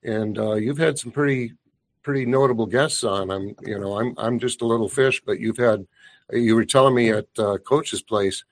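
A man's voice: medium pitch, moderate pace. A man hosting a talk show, chatting with his guest in an easygoing, plain-spoken way.

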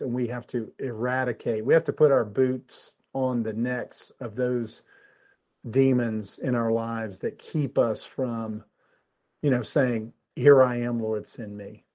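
A man's voice: medium pitch, fairly even intonation, slow, a little mellow. A man hosting a faith talk show, speaking earnestly in a sermon-like way, with fillers and restarts. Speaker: host.

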